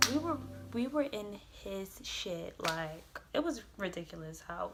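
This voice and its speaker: A woman's voice: medium pitch, very animated, a little slow, loud music behind the voice. A young adult woman casually telling a personal story, chatty and loose, swearing freely and filling her talk with "like" and "um". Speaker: vlogger.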